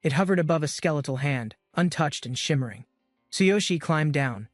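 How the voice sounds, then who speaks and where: A man's voice: fairly high pitch, animated, normal speed, dry recording, studio quality, soft background music. A man giving scripted, dramatic narration of a comic-book recap.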